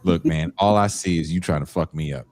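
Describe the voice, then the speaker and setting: A middle-aged man from the San Francisco Bay Area, hosting a podcast with animated, profane, joking banter. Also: deep voice, brisk, no echo. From San Francisco Bay Area, USA. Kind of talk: casual podcast chat.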